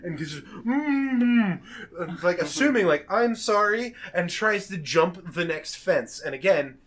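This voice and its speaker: A young man telling a wild story on a podcast in a casual, animated way. He laughs often, swears freely and acts out the people he quotes. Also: fairly high pitch, moderate pace, husky.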